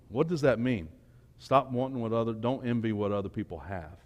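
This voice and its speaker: A man giving an informal, emotional sermon to young people, swinging between quiet and loud. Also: mid-range voice, fairly quick. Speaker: speaker at a church youth talk. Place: church hall. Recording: long church hall reverb.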